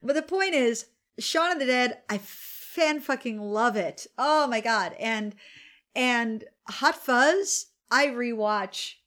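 A woman's voice: fairly high pitch, lively intonation, takes it slowly, a bit bright. A woman in her forties hosting a casual podcast chat over wine, candid and grumbling, swearing freely. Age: 40s. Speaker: podcast co-host.

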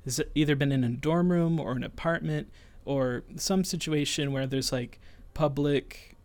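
A man in his twenties casually telling a personal story, animated and acting out the people in it. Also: fairly high pitch, measured pace, no room sound. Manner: animated, voices others in retelling. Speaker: storyteller guest.

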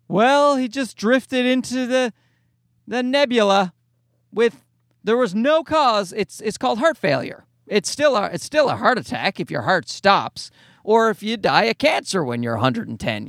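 Middle-aged Newfoundland comic, nasal and high, rambling self-mocking rant in a dry car. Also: male voice, a bit bright, no echo. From Canada. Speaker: stand-up comedian and podcast host. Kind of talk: casual rambling monologue. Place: parked car.

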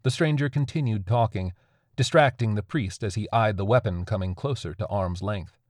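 A man narrating a dark horror story in a steady, measured way. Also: fairly low pitch, dry recording, clean studio sound.

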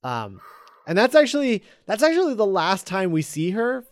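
A man's voice: high-pitched, moderate pace, clean tone, dry recording, clean studio sound. A man chatting casually, retelling a script scene by scene with many fillers and quoted lines. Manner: rambling with many fillers, quoting characters in a flat relaying voice.

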